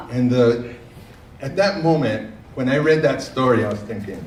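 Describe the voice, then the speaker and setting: A man's voice: mid-range voice, moderate pace, a little hiss or hum. A man speaking to a conference audience, using fillers and restarting phrases as he tells a story. He sounds far from the mic in an echoing room. A faint murmur of ambience sits underneath. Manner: folksy, repeats words and uses fillers. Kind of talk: keynote talk with storytelling.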